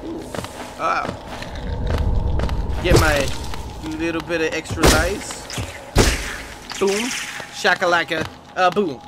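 Excitable, foul-mouthed male streamer. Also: fairly high pitch, takes it slowly, long pauses, very noisy. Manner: excitable, swears often. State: tired. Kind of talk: casual live gameplay commentary.

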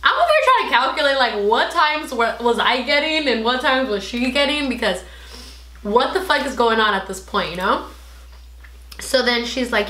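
A young woman vlogger telling a personal story in casual chat, animated and swearing freely as she acts out what people said. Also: fairly high pitch, a little fast, echoey room.

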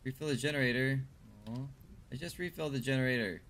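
A man's voice: mid-range voice, fast, fairly bright tone, a little hiss or hum. A man casually commenting while he plays a video game and chats with viewers, thinking aloud as he goes. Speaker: streamer.

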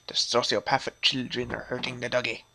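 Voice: mid-range voice, monotone, brisk, vocal fry, bright, forceful tone. A gaming host giving casual, sarcastic, profane commentary while playing a video game. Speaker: let's play host.

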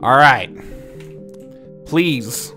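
A young man doing profane, jokey let's play commentary, swinging from mumbles to loud yells and laughs. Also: mid-range voice, animated, extremely slow. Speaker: gaming YouTuber. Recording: game music underneath.

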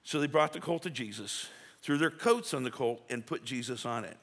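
A man's voice: medium pitch, animated, fairly quick, a bit bright, slightly rough. A male pastor preaching a sermon in a folksy, conversational way, acting out little quotes. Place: church sanctuary. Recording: reverberant church sanctuary.

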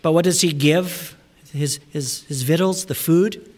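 A man pastor preaching a sermon in a church, emphatic, sometimes dropping to hushed asides and repeating words for emphasis. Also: on the high side, unhurried. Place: church sanctuary.

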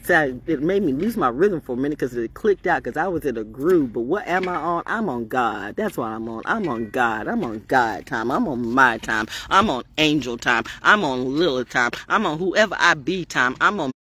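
Husky woman ranting on her vlog, swings her pitch all over, streetwise, cusses a lot. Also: animated, normal speed, hardly any pauses, sharp tone. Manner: streetwise, defiant and preachy, swears freely. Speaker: spiritual vlogger. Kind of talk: rambling monologue vlog.

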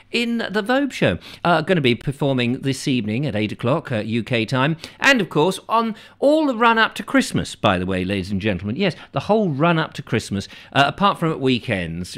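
A man's voice: mid-range voice, a bit bright. A middle-aged man hosting his own show, musing aloud in a whimsical, chatty comic monologue and slipping into silly voices. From England. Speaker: host.

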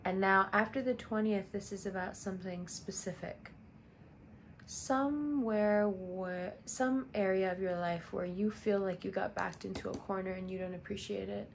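A woman reading tarot for her audience in a loose, conversational way. She talks directly and repeats key phrases to drive a point home. Her voice sits at a middle pitch, with a faint hum of noise behind it. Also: moderate pace, gravelly. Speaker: tarot reader. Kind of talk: casual astrology reading.

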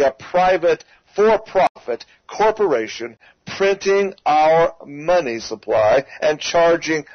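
A man's voice: a little high, dry recording, dull audio. A man hosting a talk radio show, delivering an emphatic, ranting opinion monologue and repeatedly calling his listeners folks.

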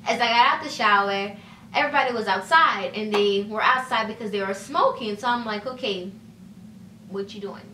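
Bright chatty young woman, roomy sound. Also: a little high, fairly quick, recorded from a distance, slight background noise. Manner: chatty, fillers of "like" and "you know", acts out quoted dialogue. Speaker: vlogger. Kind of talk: casual storytime. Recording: echoey room, voice set back from mic.

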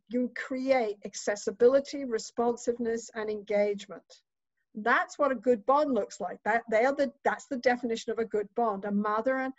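A woman delivering a keynote lecture in a slightly raised voice, emphatic and conversational. She often tags her points with a quick "right?" The recording is dull, lo-fi and very dry. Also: on the high side, no room sound. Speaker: psychotherapist giving a keynote.

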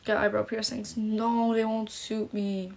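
A woman's voice: medium pitch, flat delivery, measured pace, gravelly, darkish tone. A young woman with Polish parents who lives in Ireland, chatting casually on a phone livestream, reading comments and fretting with lots of "like". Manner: chatty, self-conscious, lots of "like". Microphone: phone camera.

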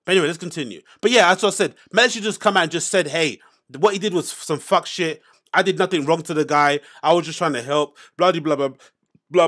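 A man's voice: fairly high pitch, fairly quick, fairly bright tone. A man hosting a casual commentary, reacting to podcast clips in an exasperated, sarcastic rant.

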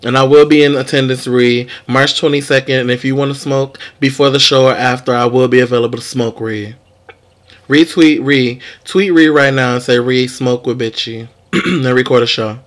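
A young man talks straight to camera, dishing celebrity gossip with sass and plenty of swearing. His voice sits in an ordinary middle pitch, loose and conversational. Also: fairly quick. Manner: sassy, profane, animated commentary. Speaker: vlog host. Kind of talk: casual celebrity gossip vlog.

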